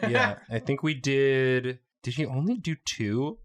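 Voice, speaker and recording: A man's voice: mid-range voice, takes it slowly. A young man, a regular on the show, cracking jokes and rambling while drawing with friends in a small apartment. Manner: jokey, rambling, self-amused. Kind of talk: casual banter while drawing.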